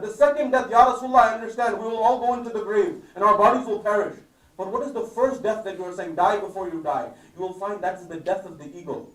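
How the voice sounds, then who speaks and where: A man with a high voice preaches to a congregation and keeps asking them rhetorical questions. His voice carries through a large, echoing hall. He sounds some distance from the microphone. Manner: emphatic, rhetorical questions to the audience. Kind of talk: sermon. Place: mosque hall. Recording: echoey hall, mic at a distance.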